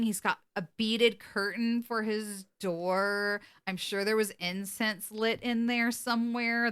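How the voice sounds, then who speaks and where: Bright-voiced woman co-host, animated casual storyteller. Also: fairly high pitch, clean tone. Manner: animated retelling, quoting characters with laughs. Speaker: podcast co-host. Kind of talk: casual episode recap.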